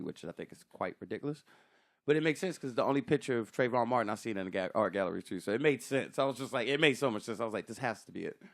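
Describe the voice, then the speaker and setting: A man who is a stand-up comedian, telling stories in an animated way with casual swearing on a podcast. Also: medium pitch, gravelly. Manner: animated storytelling, swearing freely.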